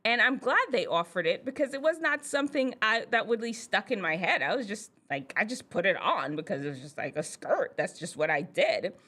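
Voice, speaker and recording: A woman physician hosting a show for teens, telling a casual personal story in an animated, chatty way and laughing often. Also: medium pitch, fairly quick, hardly any pauses. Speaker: host, physician.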